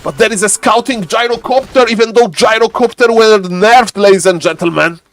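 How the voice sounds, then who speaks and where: A man streaming live commentary on a strategy game, lively and playful, teasing his chat. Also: moderate pace, dry recording. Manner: lively, playful, keeps saying "ladies and gentlemen"; shifts into a deeper joking voice for a subscriber.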